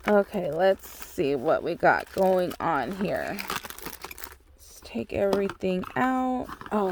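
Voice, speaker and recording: Gushing woman unboxing crafts, slow-spoken. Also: medium pitch, vocal fry, darkish tone, a little hiss or hum. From United States. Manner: gushing, exclaims often. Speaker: craft channel host. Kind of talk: excited unboxing chat.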